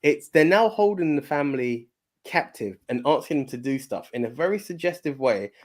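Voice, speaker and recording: A man's voice: a little high, lively intonation, normal speed. A man co-hosting a podcast, retelling a film in casual chat with stammering repeats and casual swearing. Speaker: podcast co-host.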